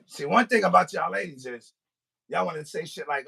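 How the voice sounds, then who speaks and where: A man's voice: high-pitched, expressive, a little fast, gravelly, bright, forceful tone, slightly rough. A man hosting a podcast, telling a comic story in a rant and acting out both sides of a phone call. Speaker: podcast host. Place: recording studio.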